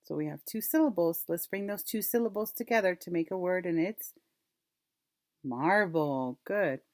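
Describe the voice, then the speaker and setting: A woman teacher leading a phonics lesson for young children, modeling words slowly and clearly and asking them to repeat. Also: lowish voice, darkish tone, dry recording, clean studio sound. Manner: slow, clear, drawn-out word modeling with repeat prompts.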